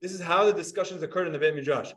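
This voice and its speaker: A man's voice: a little high, very fast, fairly bright tone, recorded from a distance, rough recording. A man teaching a Talmud class, explaining step by step and asking his students questions.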